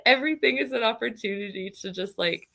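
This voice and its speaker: A woman's voice: medium pitch, animated, unhurried, a bit bright. Giggly woman telling a story. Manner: giggly storytelling, many fillers. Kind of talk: casual chat.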